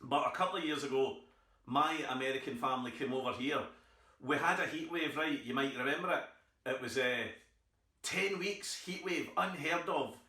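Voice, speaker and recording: On a theatre stage, a middle-aged Scottish comedian does stand-up, telling stories and acting out the voices of the people in them. His medium-pitched voice is pushed and bright at a normal speed, recorded from far off in the echoey theatre.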